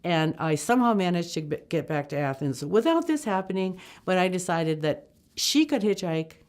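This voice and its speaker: An older woman spins a personal travel tale in a lively, rambling way. She keeps stopping and restarting and fills the gaps with casual asides. Her voice sits a little low for a woman, and she slips into other people's voices as she goes. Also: normal speed. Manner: animated, acts out quoted voices; chatty, many fillers and restarts. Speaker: storyteller.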